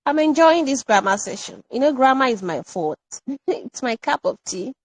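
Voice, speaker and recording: Animated woman coaching grammar. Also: high-pitched, normal speed, no room sound, rough recording. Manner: animated, playful, repeats example sentences. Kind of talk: live online grammar workshop.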